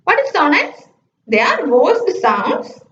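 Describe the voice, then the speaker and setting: Lively high-voiced woman lecturing slowly. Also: slight background noise. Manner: explains step by step, often saying "okay". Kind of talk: slide-based phonetics lecture. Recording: echoey, dull lo-fi room recording.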